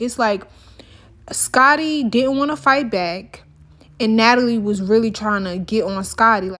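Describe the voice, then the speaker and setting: A woman giving a candid, opinionated recap of a reality TV episode, talking straight to her viewers. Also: fairly high pitch. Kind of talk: casual reaction commentary.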